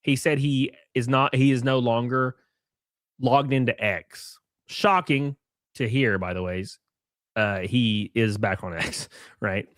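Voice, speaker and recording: A man's voice: medium pitch, slow pace, fairly bright tone, no echo. Sarcastic male streamer with a dry, close sound. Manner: mocking and sarcastic, swears freely; thanks viewers for gifted subs. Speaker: live stream host. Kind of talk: casual commentary stream.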